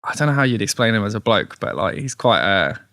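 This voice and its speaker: Lively man telling a story. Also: on the low side, fast, vocal fry, no room sound, clean studio sound. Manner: storytelling, animated retellings, laughs often. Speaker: gig promoter, guest. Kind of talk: casual interview chat. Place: podcast studio.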